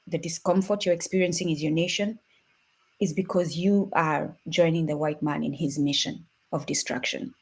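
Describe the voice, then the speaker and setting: Low, husky woman speaking emphatically. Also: a little fast. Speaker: host. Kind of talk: emphatic conversational remarks.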